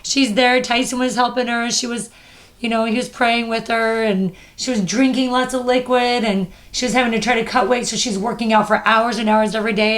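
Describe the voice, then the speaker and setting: A woman with a fairly high voice tells a personal story on a podcast. Her delivery is earnest and heartfelt, in casual conversation. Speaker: podcast host. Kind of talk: casual chat.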